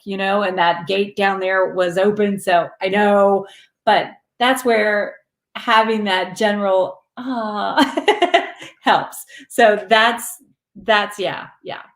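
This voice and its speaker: A woman's voice: mid-range voice, echoey room. A woman hosting a spiritual live stream, chatting with viewers in an earnest, rambling way and laughing often.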